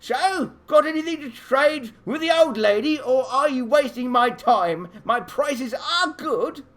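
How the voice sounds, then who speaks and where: Man doing a crotchety old trader lady for a tabletop game, pitched high and barking, impatient with customers. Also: lively intonation, a little slow, fairly bright tone, full character voice. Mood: gruff. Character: stern old female pipe-smoking trader.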